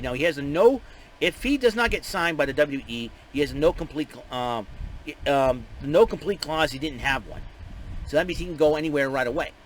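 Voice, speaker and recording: A man giving a casual, rambling spoken recap, excitable and full of restarts and fillers. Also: fairly high pitch, slight background noise, rough recording. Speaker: show recapper.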